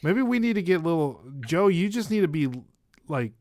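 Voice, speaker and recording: A man's voice: sits high, sing-song, moderate pace, darkish tone, no echo, studio quality. A man hosting a casual podcast, teasing the others and asking questions. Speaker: podcast host. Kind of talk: casual group chat.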